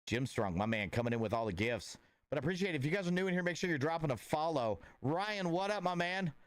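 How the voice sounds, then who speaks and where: A laid-back man chats with his livestream viewers in a smooth, resonant voice. The sound is dry and close, with no room echo. He meanders through thoughts with plenty of filler words and restarts. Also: fairly high pitch, expressive, quick pace. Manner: laid-back and friendly, greeting viewers by name. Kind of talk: casual livestream chat with viewers.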